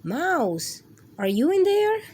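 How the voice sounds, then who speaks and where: A woman's voice: sing-song, slow pace, a little mellow, full character voice. A woman voicing a brave, curious little male kitten who politely asks around in a storybook tale. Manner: high, eager, questioning.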